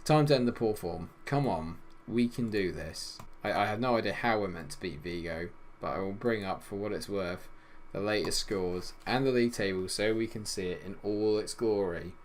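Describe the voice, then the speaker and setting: A young man commentating on his football management game, swinging between loud exasperation and low grumbling. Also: moderate pace, hardly any pauses, slight background noise. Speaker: gaming YouTuber.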